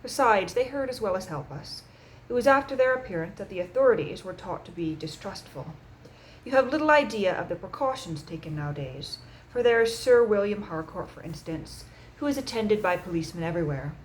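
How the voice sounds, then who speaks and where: A woman voicing a calm, measured man who leads a secret society, speaking gently and matter-of-fact in an audiobook reading. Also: mid-range voice, a little hiss or hum, close to an everyday voice, low-quality recording.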